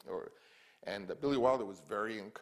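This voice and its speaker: In a lowish voice, an older man, a film director, recalls the past in an interview. His delivery is halting, with many restarts and repeated words.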